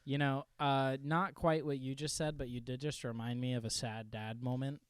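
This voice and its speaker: Profane, animated young man, crisp and dry. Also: medium pitch, moderate pace, no echo. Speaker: podcast co-host. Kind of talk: casual chat.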